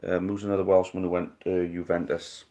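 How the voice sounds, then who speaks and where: A man hosting a live-stream quiz, chatting casually, thinking out loud, swearing now and then and calling the players mate. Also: deep voice, flat delivery, a little fast.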